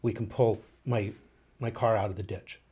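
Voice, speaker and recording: A man's voice: on the low side, fairly even intonation, normal speed, warm tone, breathy edge, voice pushed down. A man doing a bewildered salesman. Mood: puzzled. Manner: polite and bewildered. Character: puzzled male travelling salesman.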